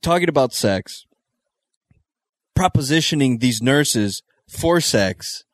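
A man in his thirties co-hosting a podcast, laid-back and halting, with many restarts as he feels his way through a thought. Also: mid-range voice, animated, dry recording, clean studio sound. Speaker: podcast co-host. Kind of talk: casual podcast banter.

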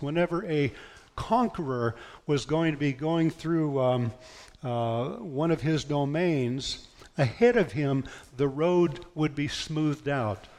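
A man's voice: on the high side, a little mellow. A male pastor preaching a sermon, reading scripture aloud in an earnest, emphatic way. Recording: long hall reverb.

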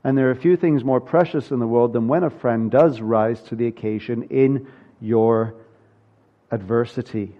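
A man's voice: mid-range voice, normal speed. Earnest male preacher, muffled recording. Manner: earnest preaching, rising to emphatic peaks. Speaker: pastor. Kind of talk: sermon.

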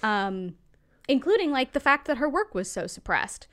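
A woman's voice: high voice, very animated, normal speed, a bit bright. A woman co-hosting a podcast in casual chat, chatty with frequent ums and self-corrections. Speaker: podcast co-host.

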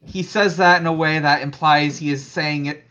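A player in a tabletop game, thinking aloud in a halting way. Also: medium pitch, steady tone, bright, forceful tone, highs cut off. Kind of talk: casual tabletop play.

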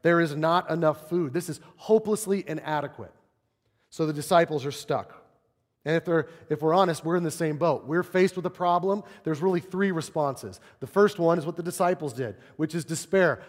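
A man delivers a sermon from the pulpit, his slightly high voice animated as he acts out quoted voices, then sinks into soft, low tones to drive a point home. The sound carries the long reverb of a large sanctuary. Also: moderate pace. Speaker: pastor.

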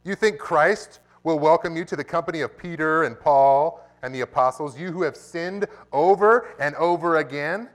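A man's voice: fairly high pitch, normal speed, hardly any pauses, pitched above the performer's own voice, lightly acted. A man voicing Satan as a sneering male tempter in a sermon, mocking and scornful.

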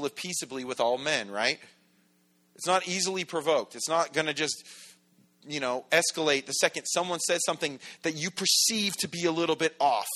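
A man's voice: a little high, bright, forceful tone. A middle-aged man preaching a casual, conversational sermon as a pastor, full of asides and rhetorical questions.

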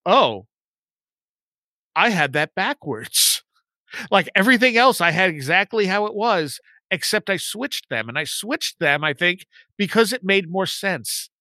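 A man in his forties telling a story in a casual chat, rambling and lively when he quotes his friends. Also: high-pitched, normal speed, dry recording.

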